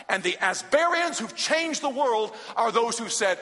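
A man preaching a sermon in a large hall, dramatic, swinging from loud urgency to a hushed near-whisper. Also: very high-pitched, very animated, moderate pace, few pauses. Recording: long hall reverb.

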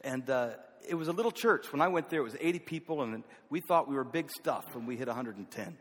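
A man's voice: mid-range voice, expressive, fast, husky. Southern man telling stories in a hall. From North Carolina. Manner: folksy, self-deprecating, with laughs. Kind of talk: personal storytelling.

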